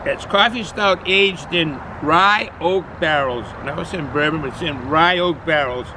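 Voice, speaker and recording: A Boston man from New England, US, speaks in a slightly high voice at a moderate pace, with background noise around him. Reviewing beer outdoors in cold weather for a casual vlog, he rambles and chats, repeating himself and using frequent fillers.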